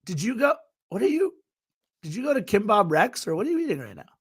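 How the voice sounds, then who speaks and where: A man co-hosting a soccer podcast, talking in an excitable, energetic way. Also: sits high, quick pace, slightly rough. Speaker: podcast co-host. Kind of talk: casual podcast chat.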